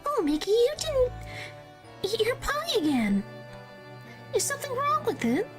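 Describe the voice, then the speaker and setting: A sweet, gentle female cartoon mouse speaks in a high, sing-song voice, as a woman puts her on. The pitch sits far above a normal speaking voice and bounces in lively swoops. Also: a little slow, faint music behind, full character voice. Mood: doting.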